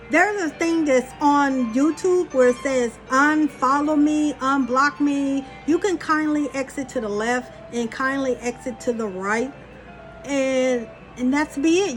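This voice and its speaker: A woman talking casually and bluntly to her viewers as a spiritual vlogger, animated and often profane. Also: sits high.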